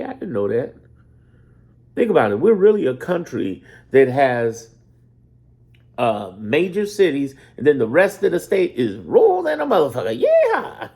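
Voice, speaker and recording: A man giving a casual, animated ranting monologue as a political commentator, swinging from low mutters to loud outbursts. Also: gravelly, slightly rough.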